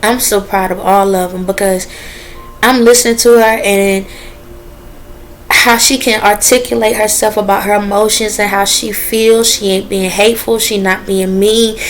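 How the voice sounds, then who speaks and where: A woman talking straight to her viewers in a casual, earnest and preachy way, with relaxed dialect grammar. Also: a little high, slight background noise, rough recording. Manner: dialect grammar, drawn-out phrasing. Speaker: vlogger. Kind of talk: casual direct-to-camera talk.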